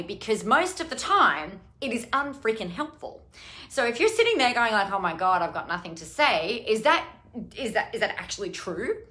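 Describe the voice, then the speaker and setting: A woman's voice: mid-range voice, pushed and bright. A middle-aged woman coach talking casually on a live stream, chatty and rambling, with some casual swearing. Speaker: online business coach.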